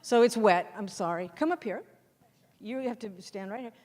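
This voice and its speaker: A middle-aged woman, a textbook author, gives an animated workshop talk to teachers and keeps asking the audience questions and answering them herself. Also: medium pitch, moderate pace. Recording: hall reverb.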